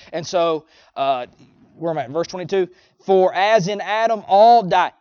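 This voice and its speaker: A man with a smooth, high-sitting voice preaches a sermon in a folksy, emphatic style, tossing sarcastic asides to his congregation. There's no room sound, and the recording is dull and lo-fi.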